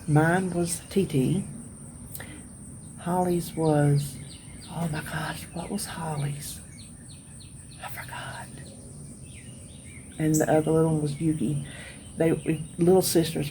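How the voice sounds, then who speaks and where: A middle-aged woman talks to her viewers in a low, gravelly, mellow voice, sounding worn out. She rambles and loses her thread, with long pauses and emotional turns. She is recording outdoors, with faint birds and insects behind her. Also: slight background noise. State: tired. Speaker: vlogger. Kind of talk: casual rambling chat to viewers.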